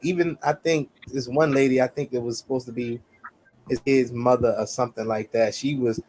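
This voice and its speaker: A man's voice: medium pitch, normal speed, mellow, a little hiss or hum. A man co-hosting a podcast, arguing his side in a heated casual debate and repeating his points with emphasis. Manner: emphatic, repeats "you see what I'm saying". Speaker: podcast co-host.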